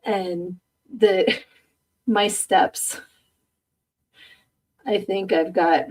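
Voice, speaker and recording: A woman's voice: medium pitch, fairly even intonation, extremely slow, distant mic. A middle-aged woman hosting a podcast, chatting casually and rambling, laughing often at herself as she reads viewer comments aloud. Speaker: podcast host.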